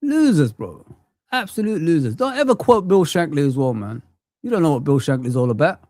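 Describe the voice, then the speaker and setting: A man's voice: fairly high pitch, big pitch swings, fairly quick, darkish tone, dry recording, studio quality. A man in his thirties or forties ranting with passion on a live football watch-along stream, sweary and peppering his talk with "man". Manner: impassioned ranting, sweary, frequent "man" tags.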